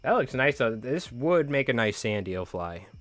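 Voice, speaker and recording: A man's voice: mid-range voice, big pitch swings, normal speed, a bit bright. A man hosting a live fly tying stream, chatting casually in slang with viewers while he ties.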